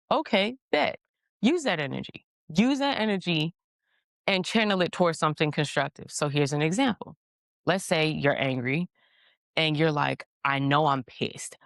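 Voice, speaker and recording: A podcast host with a low voice tells a story in a casual monologue, blunt, profane and animated. The recording is dry and studio quality.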